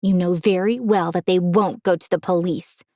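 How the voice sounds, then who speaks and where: A woman voicing a spiteful, jealous teenage girl cousin in a storytime narration, with a shrill, mocking manner. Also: expressive, brisk, dry recording, clean studio sound.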